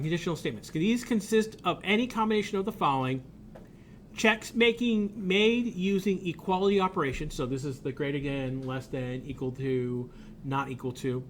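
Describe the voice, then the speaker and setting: A man with a slightly higher voice than most men is giving a casual college lecture on game programming. He explains out loud as he goes and circles back to repeat phrases. He is blunt when something is no good. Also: slight background noise. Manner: informal, thinks aloud and repeats himself while explaining; blunt about tools he dislikes. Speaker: college game development instructor. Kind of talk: recorded classroom lecture.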